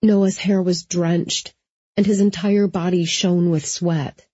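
A woman reads a first-person novel in a measured, steady voice. Her voice is husky and mellow. The recording is dry and a little dull. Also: on the low side, dry recording. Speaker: audiobook narrator.

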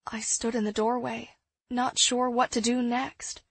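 A woman narrating an audiobook in the first person, in a measured, hushed storytelling manner. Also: on the high side, little pitch movement, slightly rough, no echo.

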